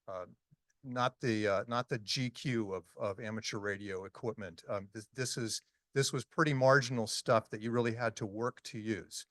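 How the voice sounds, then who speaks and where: A man in his sixties gives a casual, chatty presentation in a meeting hall, telling stories and pausing often for ums and uhs. His mid-range voice is a bit bright, recorded dry and close with no room echo.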